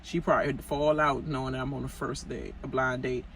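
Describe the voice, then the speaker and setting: A woman's voice: a bass voice, steady tone, fast, vocal fry, slight background noise, rough recording. A woman vlogger recapping a reality show in a casual, gossipy rant, full of fillers and asides aimed at the cast. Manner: gossipy and chatty, many fillers, talks straight to cast members.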